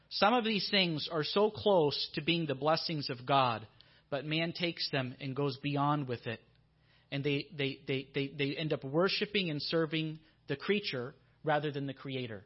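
Earnest preacher man, dull lo-fi audio. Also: a little high. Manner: earnest, repeats questions for emphasis. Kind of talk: sermon. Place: church.

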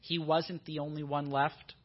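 A man's voice: on the high side, little pitch movement, measured pace. Earnest preacher man, dull lo-fi audio. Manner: earnest, repeats questions for emphasis. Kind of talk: sermon. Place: church.

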